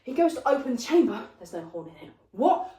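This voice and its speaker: A young woman, casually retelling a film's plot in a rambling, animated way, full of fillers. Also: sits high, fairly quick, recorded from a distance. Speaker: vlogger retelling a film plot. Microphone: phone propped up at a distance. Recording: roomy, voice off the phone mic.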